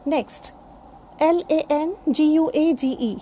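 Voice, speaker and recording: Slow, very high-voiced woman teaching pronunciation. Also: lively intonation, warm tone, slight background noise. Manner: spells words letter by letter, slow and deliberate. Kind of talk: pronunciation lesson.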